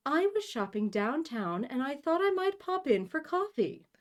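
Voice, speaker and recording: A woman's voice: high-pitched, sing-song, normal speed, voice pushed up. A woman voicing a prim, gushing older mother in an old-fashioned Transatlantic-style lilt. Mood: flustered.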